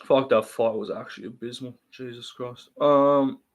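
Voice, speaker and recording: A man's voice: mid-range voice, fairly even intonation, moderate pace, creaky. A man hosting a live fight watch-along stream, ranting bluntly with lots of swearing and mocking the fighters while answering chat. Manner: blunt, profane, mocking rant.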